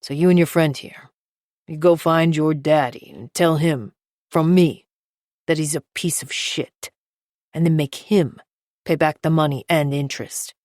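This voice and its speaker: A woman's voice: sits low, a little slow, darkish tone, no echo, studio quality. A woman narrator voicing a menacing middle-aged male crime boss who talks in a coarse, threatening way in an audiobook.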